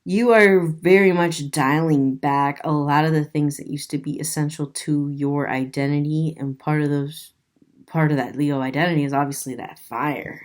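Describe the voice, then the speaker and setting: A woman's voice: low-pitched, fairly even intonation, moderate pace. A woman doing a casual tarot reading, musing aloud as she turns over cards and laughing now and then. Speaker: tarot reader.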